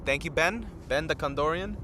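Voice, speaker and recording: A man's voice: on the high side, normal speed, background noise. A tired man hosting a live stream outdoors, rambling casually and chatting straight to his viewers. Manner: rambling, chats directly with viewers. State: tired from little sleep.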